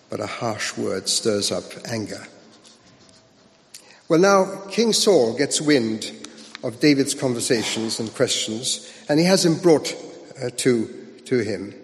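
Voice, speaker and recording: A man's voice: medium pitch, very animated, measured pace. A male preacher giving a sermon in a conversational way, asking his listeners rhetorical questions. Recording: long hall reverb.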